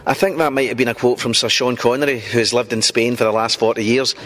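A Scottish man presenting a comic travel show, joking and bantering quickly with people he meets. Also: medium pitch, fairly even intonation, a bit bright. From Scotland.

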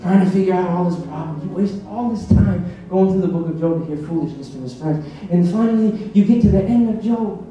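Male preacher, middle-aged, high dark voice, very echoey hall, mic far off, soft music behind. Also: a little fast, hardly any pauses. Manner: swings from hushed to loud and excited. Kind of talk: sermon.

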